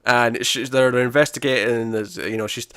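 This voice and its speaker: A man's voice: medium pitch, steady tone, moderate pace, a bit bright, smooth, dry recording, clean studio sound. Rambling man chatting on a podcast. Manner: rambling, many restarts, laughs often. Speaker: podcast co-host. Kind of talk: casual chat.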